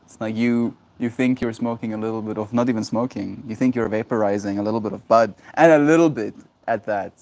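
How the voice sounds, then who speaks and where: A man hosting his own daily stream, high and rambling in a casual, halting way with many restarts. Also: darkish tone. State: high on cannabis. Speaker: livestream host. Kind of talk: casual solo stream chat.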